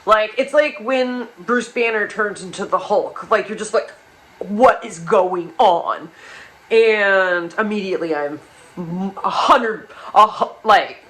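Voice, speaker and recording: A young woman spins a chaotic personal anecdote for laughs, swearing freely and doubling back on herself constantly. Her pitch sits in an ordinary middle range, and the telling is loose and conversational. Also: measured pace, a bit bright, rough recording. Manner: rambling, profane, many restarts and asides. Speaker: storyteller. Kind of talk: casual comedic storytelling.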